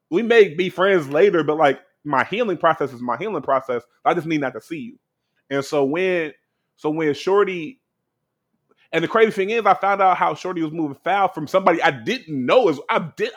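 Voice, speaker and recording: A man's voice: fairly high pitch, a bit bright. A young man chatting casually and candidly on a podcast, full of fillers and blunt swearing. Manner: loose and candid, heavy on fillers and profanity. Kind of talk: casual chat.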